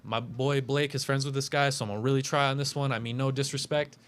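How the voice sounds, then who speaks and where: A man's voice: mid-range voice, steady tone, quick pace, smooth. A man hosting a casual talk show, breaking down upcoming fights with lots of fillers and self-corrections. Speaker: podcast host making fight picks.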